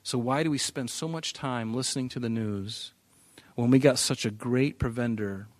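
A man's voice: medium pitch, moderate pace, no room sound. Man, pastor, bible teaching sermon, emphatic, repeats himself, medium voice, dry sound. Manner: emphatic, repeats words, varies loudness for stress.

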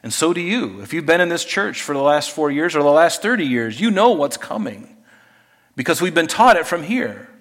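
Conversational pastor in an echoing church. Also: male voice, on the high side, big pitch swings, moderate pace. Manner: conversational, swings from hushed to emphatic. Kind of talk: sermon. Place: church sanctuary. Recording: long hall reverb.

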